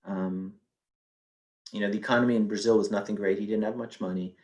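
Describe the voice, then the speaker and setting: A man's voice: on the low side, fairly even intonation, fairly quick, low-quality recording. A middle-aged man telling a personal family story in a conversational way, with fillers and quoted speech.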